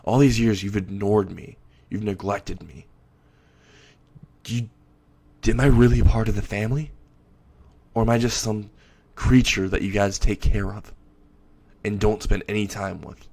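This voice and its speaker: A man's voice: fairly low pitch, fairly even intonation, measured pace, vocal fry, pauses often, darkish tone, husky, full character voice. A man voicing an enraged, bitter teenage boy who swears and seethes at those who wronged him. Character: furious bullied teenage boy hero.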